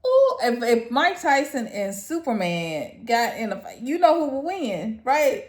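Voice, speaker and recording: A woman's voice: on the high side, wildly swooping pitch, measured pace, few pauses. A woman giving casual, exclamatory commentary to camera, often breaking into laughter between phrases. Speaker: vlogger. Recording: echoey room.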